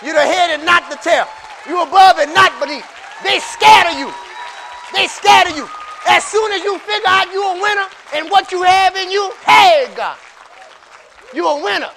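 A man preaches a sermon in loose, casual street talk, repeating phrases over and over. His voice sits very high and bright. A congregation can be heard faintly in the room. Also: normal speed, gravelly, some chatter behind, a little hiss or hum. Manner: builds from quiet storytelling to shouted call-and-response preaching.

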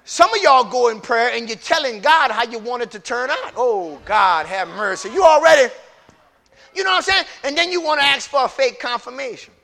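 A man preaching a passionate sermon, dropping to a hush and rising to shouts as he talks straight to his congregation with folksy asides. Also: very high-pitched, animated, brisk, vocal fry. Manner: impassioned preaching, swinging from hushed to shouted. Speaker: pastor.

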